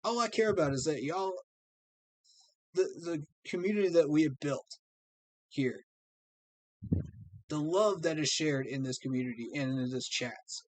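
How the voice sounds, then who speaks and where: Male fan streamer, slightly raised pitch, sincere and heartfelt, dry close mic. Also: measured pace, pauses often, no room sound. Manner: earnest, heartfelt, repeats "man". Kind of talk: livestream talk to fans.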